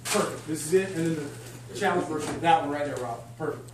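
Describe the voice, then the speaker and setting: A man giving a lively, excitable sales training talk to a live group, chatting and joking with the room. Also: fairly high pitch, fast talker. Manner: energetic, excitable, chatty, jokes with the audience. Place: function room at a country club event. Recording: echoey room, distant mic, faint hum.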